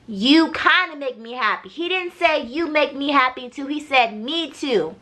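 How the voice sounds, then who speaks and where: A young woman recapping a TV episode in a chatty, animated way, with slangy asides to her viewers. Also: high-pitched, measured pace, few pauses. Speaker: TV recap vlogger. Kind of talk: casual TV recap and review.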